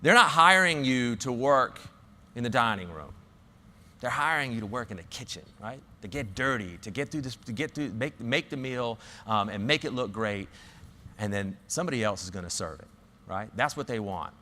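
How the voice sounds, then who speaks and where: A man's voice: mid-range voice, expressive, moderate pace, pushed and bright, in a large hall, slight background noise. A man with a Southern US accent telling a story as a conference speaker, with many fillers and restarts. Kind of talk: conference talk.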